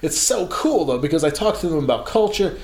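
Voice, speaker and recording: A man in his thirties rambles through an anecdote in loose, laughing chat, full of asides and curses. His voice sits a little high. The room gives it a noticeable echo. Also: animated, a little fast, a little mellow. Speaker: podcast co-host telling stories. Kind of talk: casual storytelling chat. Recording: echoey room.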